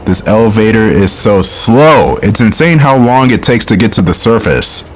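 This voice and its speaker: Low-voiced man joking through gameplay. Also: lively intonation, normal speed, faint music behind. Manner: joking, rambling tangents. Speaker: let's play host. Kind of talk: casual gameplay commentary.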